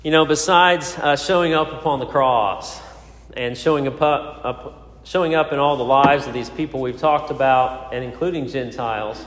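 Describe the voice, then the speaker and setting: A man preaching a sermon, telling a story with many pauses, fillers and restarts. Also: medium pitch, fairly bright tone. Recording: echoey hall.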